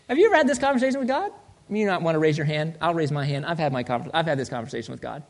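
A male pastor preaching a sermon in a conversational, joking way, swinging between loud and soft. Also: on the high side, animated, rapid-fire.

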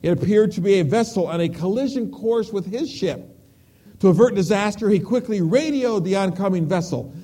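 A male preacher delivering a sermon, storytelling with emphasis and dropping to a hush on key words. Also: high voice, moderate pace.

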